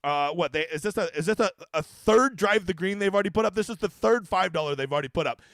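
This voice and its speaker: A man's voice: high voice, fast, a bit bright, no room sound. A man hosting a fantasy golf livestream in a casual, profane, ranting way, with brash jokes aimed at his viewers. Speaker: daily fantasy golf streamer.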